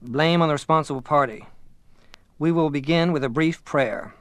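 Male narrator doing a pompous teen schoolboy, measured and controlled, dry audiobook read. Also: fairly high pitch, no echo, natural voice. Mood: grave. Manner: grave, even, controlled. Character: teenage boarding-school boy, self-important, earnest, authoritative.

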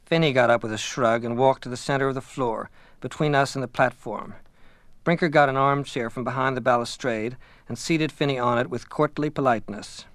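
Male audiobook reader, middle pitch, measured delivery, dry booth sound. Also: a bit bright, no echo. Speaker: audiobook narrator. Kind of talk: scripted first-person narration.

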